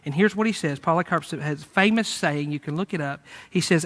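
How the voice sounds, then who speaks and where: A man preaching a sermon, retelling a story in a lively, conversational way with fillers. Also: fairly high pitch, brisk, hardly any pauses. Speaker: pastor.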